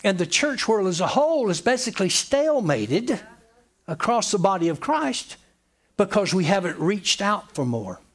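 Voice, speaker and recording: A man with a high, sing-song voice preaches to his congregation. He swoops up and down through his pitch, drilling his points in with plain, homespun repetition. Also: big pitch swings, moderate pace. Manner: emphatic, repetitive and folksy. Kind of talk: sermon.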